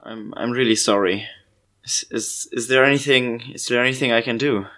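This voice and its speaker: A man's voice: medium pitch, normal speed, fairly bright tone. A man speaking as a player in a tabletop game, hesitant and prone to stammering. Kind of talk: in-character tabletop play.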